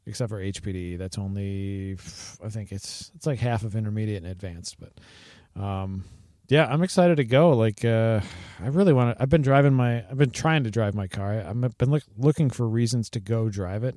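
A man's voice: lowish voice, a little fast, dark tone, no echo, clean studio sound. A man co-hosting a podcast in casual chat, rambling through stories with many fillers and restarts and laughing often. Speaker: podcast co-host.

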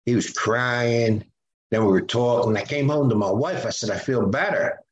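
A man's voice: mid-range voice, normal speed, lo-fi sound. Older man, roomy sound. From Philadelphia, USA. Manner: animated, acts out quoted voices, frequent fillers. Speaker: podcast guest. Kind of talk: conversational storytelling.

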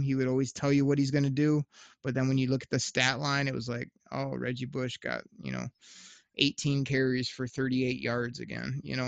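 A man's voice: mid-range voice, creaky, no room sound, dull audio. A man co-hosting a podcast, chatting casually about football with frequent restarts and laughs. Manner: rambling, laughs often, many restarts. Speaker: podcast co-host. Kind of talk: casual sports chat.

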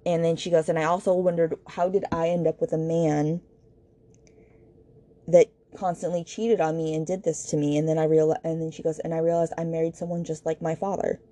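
A woman's voice: low-pitched, level tone, brisk, dark tone. A woman hosting a book podcast, recapping a novel's plot in a chatty, blunt way and quoting the characters' lines. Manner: chatty, blunt, retelling scenes with quoted dialogue.

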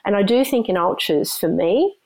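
A woman's voice: mid-range voice, lively intonation, normal speed, a little mellow, poor audio. A woman, talking candidly and animatedly as an interview guest, with frequent restarts and self-deprecating asides. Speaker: guest, runner.

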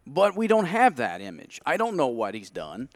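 Man, animated storyteller, lively pitch, dry recording. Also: moderate pace, no room sound. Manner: animated storytelling, acts out his own past thoughts. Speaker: podcast guest. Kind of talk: casual chat.

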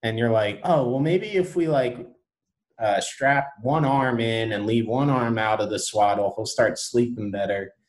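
A man's voice: mid-range voice, unhurried, rough recording. A man, a new father and podcast guest, telling laid-back stories and acting out his own thoughts in casual chat.

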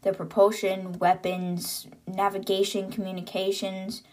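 A composed, dry-witted crewwoman on an old submarine, voiced by a woman in her own register. She speaks in measured, slightly stern sentences. The pitch is ordinary and mid-range. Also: completely flat delivery, lightly acted.

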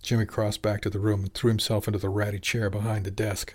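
A man narrating a novel in a steady, measured reading. His voice sits on the lower side. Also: husky. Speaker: audiobook narrator. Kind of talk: scripted narration.

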